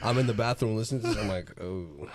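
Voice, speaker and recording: A man's voice: medium pitch, fairly even intonation, racing. A young man from Brooklyn telling his side of a story as a guest, in a sheepish, laughing way. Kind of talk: casual storytelling chat.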